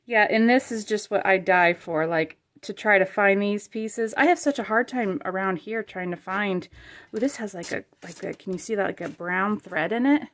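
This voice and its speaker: A woman hosting a casual crafting vlog, unboxing supplies with chatty, gushing excitement and frequent fillers. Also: mid-range voice, normal speed. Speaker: craft channel host.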